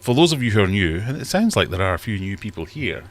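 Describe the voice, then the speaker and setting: Chatty male streamer, deep voice, rambling and self-deprecating. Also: big pitch swings, fast. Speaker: livestream host. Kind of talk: casual livestream chat. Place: home fish room.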